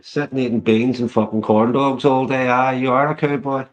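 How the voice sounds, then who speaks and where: A man's voice: medium pitch, little pitch movement, moderate pace. A man chatting on a live stream, teasing others crudely and swearing constantly. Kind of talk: casual chat.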